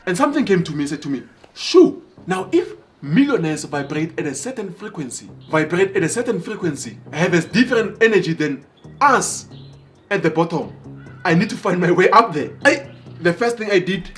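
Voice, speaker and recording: A man from Africa, telling a motivational story in an animated way, acting out dialogue and repeating phrases for emphasis. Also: sits high, moderate pace, soft background music. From South Africa. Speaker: motivational speaker.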